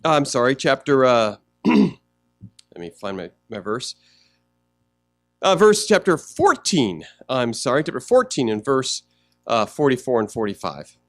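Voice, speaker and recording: A man's voice: medium pitch, wildly swooping pitch, measured pace, fairly bright tone, dry recording. A male pastor preaching a sermon in a conversational way, often asking the congregation questions.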